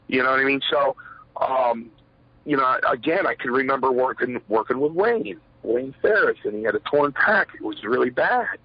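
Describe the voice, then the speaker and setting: A man's voice: medium pitch, animated, normal speed, slightly rough, dry recording. A middle-aged man, a former pro wrestler, telling stories in a rambling interview, full of fillers and acted-out quotes. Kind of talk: shoot interview storytelling. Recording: dull lo-fi sound, dry.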